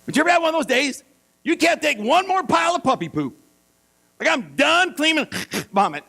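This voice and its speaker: A middle-aged male pastor telling a self-mocking story in a sermon, animated and playful. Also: extremely high pitch, moderate pace, gravelly. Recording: mains hum.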